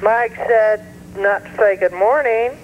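A woman's voice: mid-range voice, slow. A woman calling in to a morning radio show over the phone, friendly and chatty. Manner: friendly, chatty, laughs easily. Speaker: radio caller. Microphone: telephone. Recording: tinny phone line with faint hiss.

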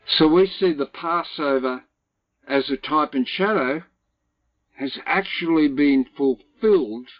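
A man leading a Bible study group, teaching and reading scripture aloud slowly and deliberately, stressing key words. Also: on the high side, dull audio.

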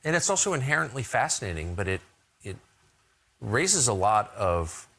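A man's voice: lowish voice, sing-song, moderate pace, creaky, sharp tone, husky. A man interviewing a guest, mostly giving brief affirmations and asking probing follow-up questions. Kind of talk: conversational interview.

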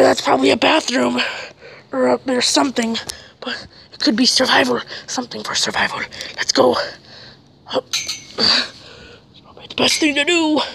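A woman acting out every character in a homemade zombie drama, swinging between shouted curses and hushed whispers. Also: sits high, gravelly.

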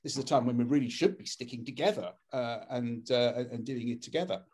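Husky-voiced Englishman on a video call. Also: medium pitch, a little fast, a little mellow. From England. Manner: earnest, often restarts words and says "um". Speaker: panelist on a political webinar. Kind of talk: webinar talk.

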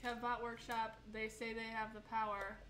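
A woman's voice: fairly high pitch, little pitch movement, moderate pace, a bit bright. A woman from Chicago hosting a livestream, chatting casually and reading out chat messages while cooking. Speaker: livestream host. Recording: echoey room with noticeable noise.

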